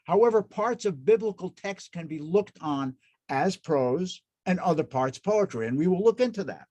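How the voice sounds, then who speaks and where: A man's voice: sits high, lively intonation, moderate pace, darkish tone, lo-fi sound. A man lecturing as a cantor in an informal talk, enthusiastic and often restarting his sentences. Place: synagogue hall.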